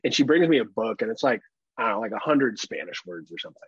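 Husky, lively-voiced man on a dull mic. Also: on the low side, quick pace, no room sound. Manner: animated, laughing, swearing freely. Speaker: podcast co-host. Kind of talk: casual chat. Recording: dull, muffled close mic.

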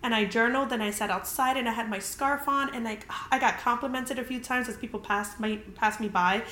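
High-voiced woman chatting in a roomy room. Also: a little fast, pushed and bright. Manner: chatty, full of "like", swears freely. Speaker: podcast host. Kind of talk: casual storytelling.

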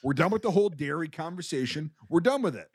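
A man's voice: on the high side, lively intonation, fast, husky, no room sound, studio quality. A man from Wisconsin, co-hosting a casual film podcast, ranting in mock anger and swearing heavily. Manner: loud, heavy swearing, mock-angry ranting. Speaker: podcast co-host.

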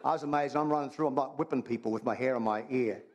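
A man delivering a sermon in an easygoing, conversational way. He jokes with the congregation and repeats key lines over and over for emphasis, his voice sitting in an ordinary middle pitch. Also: fast talker, a little mellow. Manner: conversational and humorous, repeats phrases. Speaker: pastor.

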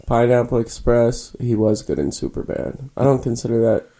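A man's voice: mid-range voice, normal speed, mellow. A young man co-hosting a casual podcast from a spare room, laid-back and swearing freely. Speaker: podcast co-host. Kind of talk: casual chat. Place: small spare room used as a home studio.

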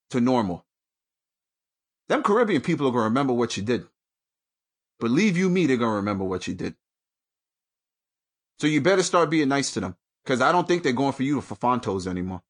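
A man hosting his own show from home, ranting angrily and with heavy profanity, jumping between loud outbursts and low mutters. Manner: angry, profane, swings from shouting to mutters. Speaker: podcast host. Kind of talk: profane solo rant.

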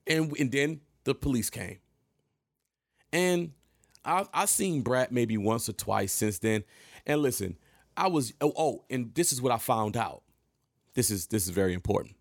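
A man in his thirties recounts an old run-in directly to camera in animated, profane storytelling. His mid-range voice has a gravelly edge. The sound is dry and close-miked. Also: mid-range voice, measured pace, pauses often, no echo. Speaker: vlogger telling a story.

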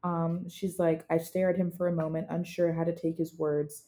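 A woman's voice: fairly low pitch, little pitch movement, moderate pace, mellow. A young woman co-hosting a casual book podcast, chatty and acting out scenes from the story. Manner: chatty, acts out scenes and reads passages aloud. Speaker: podcast co-host.

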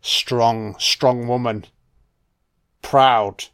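A man's voice: mid-range voice, steady tone, extremely slow, a bit bright, smooth. A man giving a casual, jokey, sweary film commentary. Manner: laid-back, sweary, jokey.

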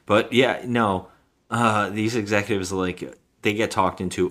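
Man, podcast co-host, low-ish voice, casual chat, plays out the characters' lines. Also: moderate pace. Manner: animated retelling, acting out characters' lines. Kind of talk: casual chat about a movie.

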